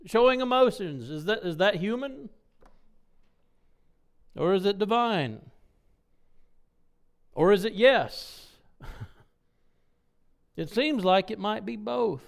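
A man's voice: sits high, clear, resonant tone. A man preaching a sermon, asking the congregation rhetorical questions and acting out sounds. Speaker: pastor.

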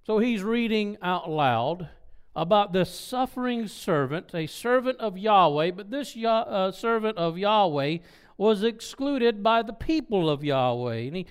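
Man, preacher, sermon storytelling, higher voice, clear resonant tone. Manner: retells a scripture story with voiced dialogue, chuckling asides.

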